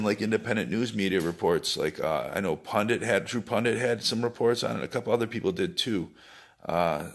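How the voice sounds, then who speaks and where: A man's voice: deep voice, fairly bright tone. A man talking in a casual, rambling monologue, wandering between thoughts and swearing freely.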